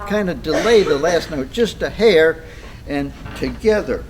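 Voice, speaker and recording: A man's voice: on the high side, expressive, measured pace, slight background noise. A man conducting a band rehearsal, counting off beats, scatting rhythms and making fussy, precise corrections. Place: rehearsal room with band playing. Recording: loud band music behind.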